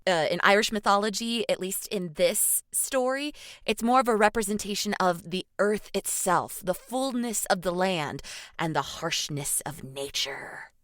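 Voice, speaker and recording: A young woman with a bright, mid-pitched voice explains myths on a casual podcast. She sounds nerdy and enthusiastic and fills pauses with "uh." The mic is close and dry. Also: expressive, no room sound. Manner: nerdy, enthusiastic, many "uh" fillers, laughs easily. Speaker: podcast co-host.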